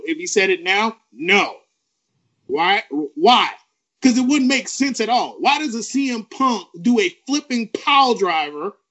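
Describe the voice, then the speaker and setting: A man co-hosting a podcast, ranting with animated, profane emphasis. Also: high voice, dull audio. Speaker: podcast co-host. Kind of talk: ranting wrestling podcast talk.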